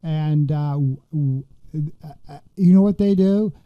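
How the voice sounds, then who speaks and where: A man hosting a political podcast, rambling and indignant, with lots of fillers and false starts. His voice sits a bit high for a man. The recording is dry and slightly dull, as if from a modest home mic. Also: a little slow, dry recording. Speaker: podcast host.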